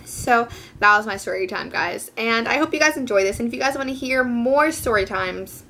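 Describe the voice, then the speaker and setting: Teenage girl, casual storytime vlog, bright tone, rambling with lots of fillers, faint room hiss. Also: a little high, moderate pace. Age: teens. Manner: chatty, rambling, full of fillers; quotes people in lively voices. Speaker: vlogger.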